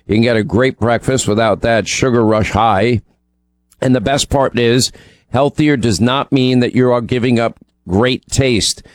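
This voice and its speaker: A man's voice: mid-range voice, unhurried, dry recording. Chatty man on talk radio. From New York. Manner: chatty, rambling, frequent ums and restarts. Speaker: radio co-host. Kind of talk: casual radio talk with live ad reads. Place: radio studio.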